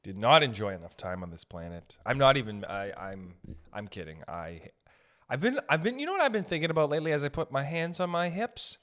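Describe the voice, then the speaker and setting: A man's voice: mid-range voice, animated, a little fast, a bit bright. A young man hosting a comedy podcast, riffing through a profane, rambling monologue and laughing at his own jokes.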